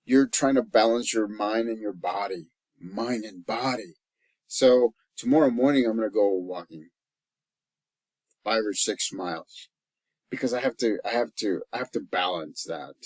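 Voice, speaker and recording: A man from El Salvador speaking as a life coach in a personal, reflective vlog. He talks earnestly and haltingly, often restarting his sentences, and his voice sinks soft when he turns emotional. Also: on the low side, no room sound, rough recording. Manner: openly emotional, voice dropping soft at times.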